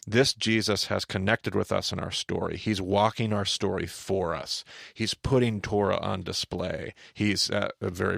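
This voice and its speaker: Gravelly-voiced man teaching on a podcast. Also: low-pitched, no room sound, clean studio sound. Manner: animated, restarts and asks co-host questions. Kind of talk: conversational Bible teaching.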